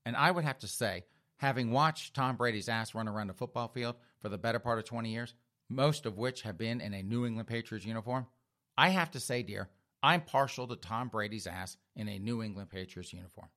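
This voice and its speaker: A man voicing a resigned, hen-pecked middle-aged boyfriend who mutters low. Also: brisk, a bit bright, close to an everyday voice. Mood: hesitant.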